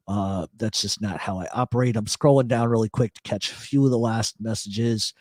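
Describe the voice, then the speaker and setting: A man's voice: mid-range voice, moderate pace, few pauses, a little mellow, no room sound. A middle-aged man hosting a casual livestream from his apartment, reading chat comments and telling rambling, joking, profane stories. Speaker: host. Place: apartment in a big city.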